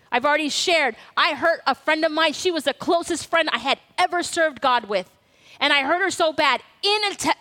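A woman with a high voice preaches in a church sanctuary. She talks conversationally, tells a personal story and acts out both sides of the dialogue as she goes. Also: bright, forceful tone, long reverb tail. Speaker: pastor. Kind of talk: sermon.

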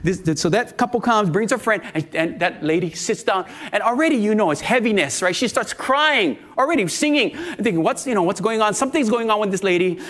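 High-voiced pastor preaching. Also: male voice, brisk, few pauses. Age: middle-aged. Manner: animated storytelling, acting out quoted voices. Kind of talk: sermon.

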